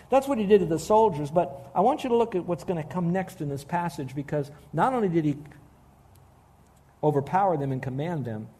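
A man preaching a sermon, earnest and emphatic, slowing down to stress key phrases. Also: fairly high pitch, dark tone. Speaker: pastor.

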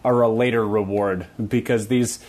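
A man's voice: lowish voice, fairly even intonation, a little mellow. A man co-hosting a podcast in casual comedic chat, joking and riffing on bits. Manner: jokey, quick with bits and put-on voices. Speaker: podcast co-host.

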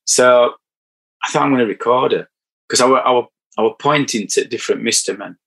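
A man's voice: mid-range voice, fairly quick, creaky, a bit bright, poor audio. A middle-aged man with a northern English accent, chatting on a podcast and telling anecdotes with chuckles. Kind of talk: casual podcast chat.

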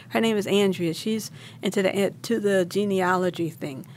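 A woman recounts her own family story in an interview. Her pitch sits mid-range, and she talks with feeling, restarting sentences as she goes. A faint hum of noise runs behind her. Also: moderate pace. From born in Vietnam, raised in New Orleans. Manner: emotional, animated retelling with laughs and restarts. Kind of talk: personal storytelling.

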